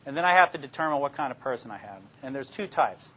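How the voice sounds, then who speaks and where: An older man talks to law students in a lecture room, drawing on his years as a police detective. His voice is at an ordinary middle pitch and his manner is plainspoken and folksy. He slips into his own interrogation-room lines as he goes. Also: animated, fast talker, fairly bright tone. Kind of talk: anecdotal talk to an audience.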